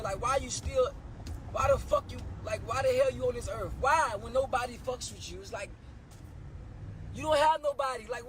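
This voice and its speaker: A man's voice: very high-pitched, noisy background. A distraught, crying man venting on a livestream, cursing and repeating himself in anguish.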